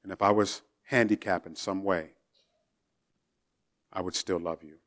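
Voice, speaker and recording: A man's voice: low-pitched, steady tone, measured pace, fairly bright tone. A man voicing an ordinary devout man who answers God with earnest, humble replies.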